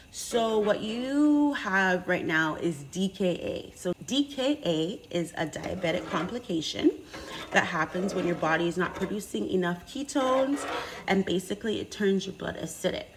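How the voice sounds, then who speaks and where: A woman telling a personal story in a casual, animated way, acting out what others said to her. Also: mid-range voice, slight background noise, rough recording.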